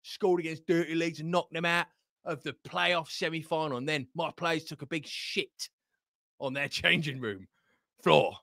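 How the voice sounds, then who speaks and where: A man's voice: on the high side, steady tone, moderate pace, gravelly, sharp tone, dry recording, studio quality, pitched above the performer's own voice. A man putting on a mocking impression of a boastful, crude middle-aged football manager. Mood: gloating.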